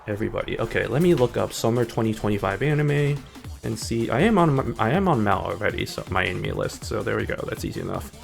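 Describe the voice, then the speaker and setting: A man's voice: lowish voice, lively intonation, fast talker, vocal fry, soft background music. A man streaming a game, chatting in a hyper, rambling way that jumps between topics. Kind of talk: casual gaming stream chat.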